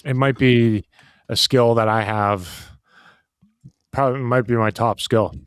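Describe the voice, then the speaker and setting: A man's voice: mid-range voice, fairly even intonation, a little slow, smooth, no room sound, studio quality. A man talking as a podcast guest, emphatic and full of restarts and "you know". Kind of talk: casual conversation.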